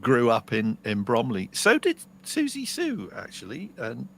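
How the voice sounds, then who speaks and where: Gravelly-voiced English man, chatty storyteller. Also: medium pitch, wildly swooping pitch, a little slow, a bit bright, a little hiss or hum. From England. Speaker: podcast co-host. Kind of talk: casual chat.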